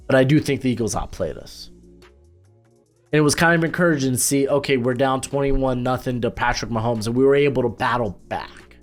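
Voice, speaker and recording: A man giving casual football commentary as host, loose and rambling with lots of fillers and restarts. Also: medium pitch.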